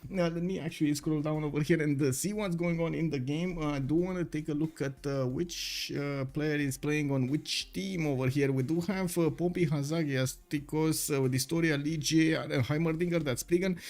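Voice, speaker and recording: A man's voice: fairly high pitch, fairly even intonation, moderate pace, hardly any pauses, darkish tone. A man casting a live strategy game stream, greeting viewers politely and talking with frequent "uh" fillers. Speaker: esports caster.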